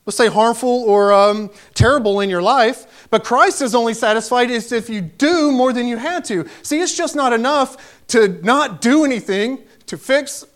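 Guy preaching, high voice, tells stories with lots of emphasis and gets loud. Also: moderate pace, few pauses. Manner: emphatic storytelling, rising to raised exclamations. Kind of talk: sermon.

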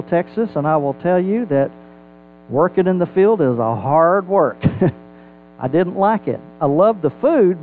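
A man with a high voice teaching a Bible sermon in an animated way, asking his listeners rhetorical questions. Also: narrow, tinny audio, slight background noise. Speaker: preacher.

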